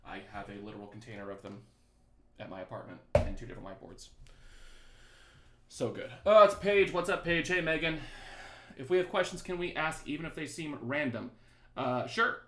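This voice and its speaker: A man's voice: mid-range voice, animated, normal speed, long pauses, pushed and bright, echoey room. A young male teacher casually chatting with students on a review livestream, joking and reading the chat aloud. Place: his apartment.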